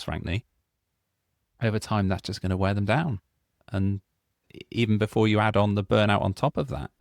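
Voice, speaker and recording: A British man on a podcast, speaking confidently as he advises on work habits. His voice sits low. The recording is dry and close. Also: dry recording. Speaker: podcast co-host, productivity trainer. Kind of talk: conversational podcast discussion.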